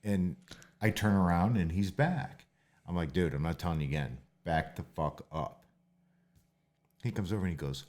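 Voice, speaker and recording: A middle-aged man, a father, telling profane, animated stories in a casual chat and acting out other people's lines. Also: low-pitched, moderate pace, slight background noise. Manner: animated, profane, acts out quoted voices. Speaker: guest, father of a co-host.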